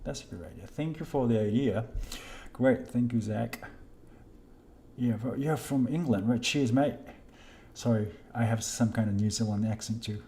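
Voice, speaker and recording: A man chatting casually on a live stream as a kendo instructor, reading viewer comments with a halting, polite manner. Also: medium pitch, mellow, slight background noise. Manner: hesitant, halting, many restarts while reading names; polite, thanks viewers often.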